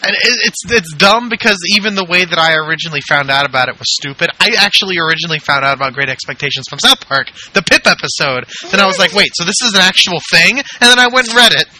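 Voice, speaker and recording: A man's voice: fairly high pitch, expressive, quick pace, hardly any pauses, pushed and bright, no room sound, low-quality recording. A man in his twenties from Texas, co-hosting a podcast in joking casual chat full of "like" fillers. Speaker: podcast co-host.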